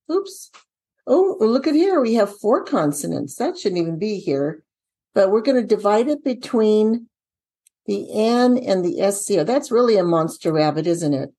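A middle-aged woman who trains dyslexia teachers, walking through a spelling lesson out loud and asking the viewer questions as she goes. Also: mid-range voice. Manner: talks herself through each step, asks viewers questions. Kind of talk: casual instructional walkthrough.

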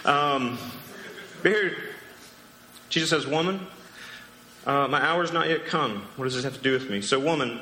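A man's voice: mid-range voice, normal speed, pauses often, bright, forceful tone. A man preaching a sermon as pastor, casual and conversational with joking asides. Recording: echoey hall with long reverb.

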